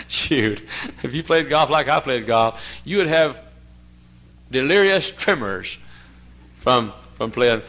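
Older male preacher, bright forceful tone, folksy asides, quiet stretches that build to loud, fervent preaching. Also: mid-range voice, lively intonation, measured pace, pauses often, low-quality recording. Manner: swings from quiet talk to loud impassioned preaching; folksy, chatty asides with fillers. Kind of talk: sermon.

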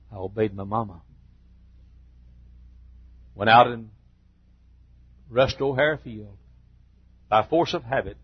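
Husky older preacher, low voice. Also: male voice, highs cut off. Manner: halting, heartfelt retelling with repeated phrases. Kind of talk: emotional sermon storytelling. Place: church sanctuary.

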